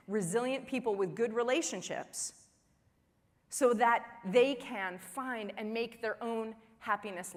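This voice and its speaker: Animated woman speaking in a reverberant hall. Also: fairly high pitch. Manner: animated storytelling, acts out family dialogue. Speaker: conference keynote speaker. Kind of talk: humorous keynote speech. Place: large conference hall. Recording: long reverb of a large hall.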